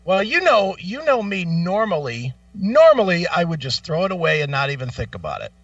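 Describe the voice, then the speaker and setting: A man's voice: sits high, huge pitch swings, normal speed, a bit bright, no room sound, far from the mic, dull audio. A man hosting a radio show, telling a profane, exasperated story in a casual rant. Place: radio studio.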